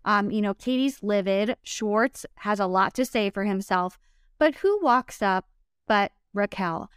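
A woman's voice: medium pitch, lively intonation, unhurried, clean tone, no room sound, clean studio sound. A woman co-hosting a podcast, chatting casually, outspoken and emphatic, swearing freely. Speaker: podcast co-host. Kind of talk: casual recap chat.

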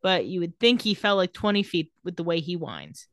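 A very animated woman with a fairly low voice is captured in clean studio sound without room tone. Co-hosting a podcast, she breezily walks through a TV episode's scenes, laughing readily and acting out lines in a light, playful way.

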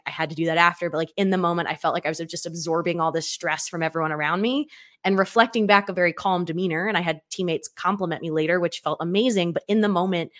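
A woman with a slightly low-pitched voice talks openly on a podcast. She tells a personal story in a reflective, conversational way and leans on filler words. The talk is relaxed and unscripted. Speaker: podcast co-host. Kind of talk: casual chat.

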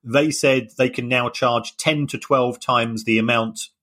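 A man's voice: mid-range voice, fairly even intonation, a little slow, a bit bright. A man co-hosting a podcast, explaining with many hesitations and restarts. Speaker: podcast co-host. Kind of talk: casual chat.

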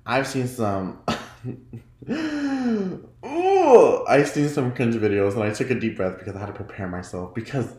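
A man hosting his own podcast in casual solo chat, chatty and giggly, often jumping into high mock voices when he quotes himself. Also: normal speed, darkish tone, roomy sound. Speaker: podcast host.

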